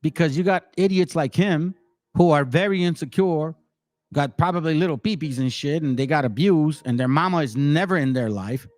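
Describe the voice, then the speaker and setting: A man's voice: on the high side, normal speed, no room sound. A man in his forties ranting as channel host, confrontational and slangy. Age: 40s. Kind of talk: heated rant to a commenter.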